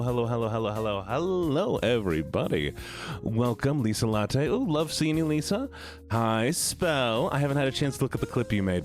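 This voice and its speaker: A man's voice: mid-range voice, a little mellow. A man streaming, chatting casually and playfully greeting his chat by name. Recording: faint background music. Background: faint music.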